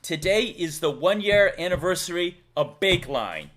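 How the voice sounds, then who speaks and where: A man's voice: high-pitched, very animated, normal speed, fairly bright tone. A man with a Massachusetts accent hosting a live stream, chatting casually, laughing often and reading out donations. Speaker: streamer host.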